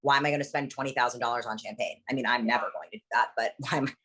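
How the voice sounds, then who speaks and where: Fast-talking low-voiced young woman. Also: fairly even intonation, a bit bright, breathy edge. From lives in Las Vegas. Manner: blunt, profane storytelling. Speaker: interview guest. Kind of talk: casual chat.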